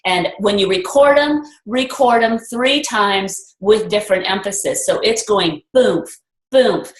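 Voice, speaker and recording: A woman's voice: medium pitch, measured pace, reverberant, rough recording. A woman leading a network marketing group on a video call, talking earnestly in a rambling, motivational way and repeating affirmations with emphasis.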